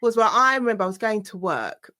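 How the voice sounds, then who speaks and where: A woman's voice: mid-range voice, fast, no echo, clean studio sound. A woman hosting a podcast, chatting casually and telling stories with frequent laughter. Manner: animated, laughs often while telling anecdotes. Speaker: podcast host. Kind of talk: casual interview chat.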